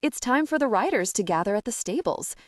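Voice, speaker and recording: A woman voicing a bold, sharp-tongued young heiress who speaks curtly and impatiently. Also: fairly high pitch, expressive, brisk, no echo, studio quality, recorded from a distance, close to an everyday voice. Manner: curt and impatient.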